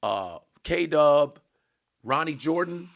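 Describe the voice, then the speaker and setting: A man's voice: a little high, lively intonation, extremely slow, vocal fry. A man, a comedian guest on a podcast, telling a story in casual chat, swearing freely and acting out what other people said.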